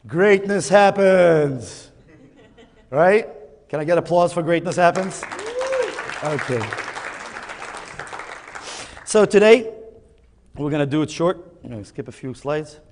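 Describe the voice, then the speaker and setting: A man's voice: fairly high pitch, darkish tone. A man giving a salesy conference presentation, punchy and swearing freely as he tells a joke. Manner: salesy, punchy storytelling with profanity. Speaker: conference speaker. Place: large conference hall. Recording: echoey hall with long reverb.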